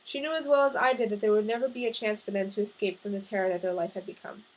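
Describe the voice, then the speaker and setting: A woman narrating a first-person novel in an expressive audiobook reading. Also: mid-range voice, fast, rough recording.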